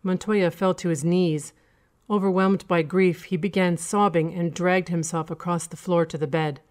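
A woman narrating a horror short story in a steady, measured reading for a radio show. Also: on the low side.

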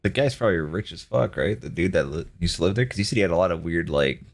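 A man's voice: low-pitched, lively intonation, quick pace, gravelly. A man on a podcast, chatting casually and cutting in with jokes. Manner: joking interjections. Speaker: podcast guest. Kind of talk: casual chat.

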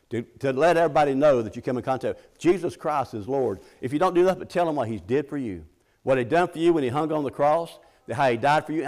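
A man's voice: mid-range voice, a little mellow. A middle-aged man preaching a sermon in a folksy, conversational way, often restarting his sentences and acting out the scripture quotes.

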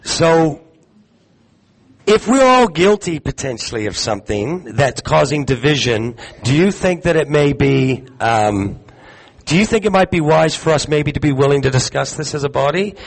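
A man giving a live sermon to a congregation, talking conversationally, putting questions to the room and filling pauses with ums. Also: fairly high pitch, expressive, gravelly, rough recording. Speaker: teacher at a congregation gathering. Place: gathering hall with audience.

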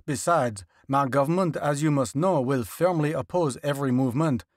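A man voicing a formal male ambassador who speaks in a polite, deliberate way. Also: medium pitch, dry recording, clean studio sound, close to an everyday voice.

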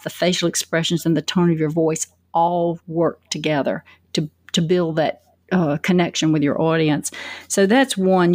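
A woman's voice: fairly low pitch, darkish tone, no echo, clean studio sound. A woman answering interview questions as a public speaking coach, telling stories energetically with quoted asides.

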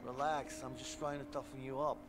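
A man's voice: mid-range voice, flat delivery, a little fast, natural voice. An actor voicing a blunt, mocking male prison inmate in a video game. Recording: game audio with prison crowd chatter.

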